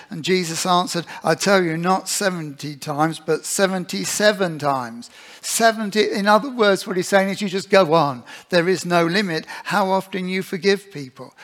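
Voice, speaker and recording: A man's voice: fairly high pitch, a bit bright. A man preaching a sermon in an earnest way, often putting rhetorical questions to his listeners.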